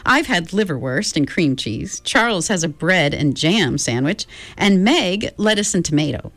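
A woman voicing a calm, hospitable mother who speaks politely and gently. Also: lowish voice, normal speed, dry recording, full character voice.

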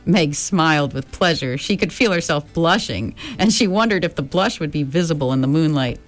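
A woman reading a story aloud in a calm, measured narrating voice. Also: deep voice, faint music behind. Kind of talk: audiobook narration.

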